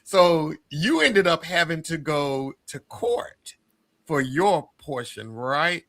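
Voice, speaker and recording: Bright-voiced emphatic male podcast host. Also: a little high, lively intonation, takes it slowly, no echo. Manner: emphatic, exclaims loudly when worked up. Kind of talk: casual interview chat.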